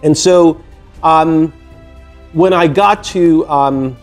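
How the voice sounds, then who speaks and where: A middle-aged man tells a personal story in a loose, casual way, circling back with fillers and restarts. His voice sits a little high for a man. Faint music plays quietly underneath. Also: drawn-out words. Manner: rambling, many fillers and restarts. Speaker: vlogger telling a travel story.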